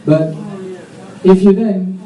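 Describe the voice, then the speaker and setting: A man doing a live stand-up set on a comedy club stage, rambling with self-mocking, deadpan asides. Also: high voice, slow, muffled recording. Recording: echoey club, distant mic, audience.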